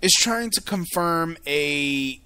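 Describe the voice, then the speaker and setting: A man's voice: on the high side, lively intonation, takes it slowly, pushed and bright, clean tone. An American man hosting his own show, talking in a casual, rambling rant full of fillers, restarts and swearing. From United States. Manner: rambling, filler-heavy, profane. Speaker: podcast host.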